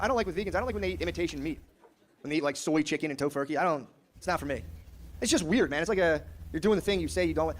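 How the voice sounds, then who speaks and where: A young male stand-up comedian who races through his set at a breakneck clip, his voice sitting a little high. He rambles and riffs casually, with faint hiss underneath. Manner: casual, rambling, riffing with lots of filler.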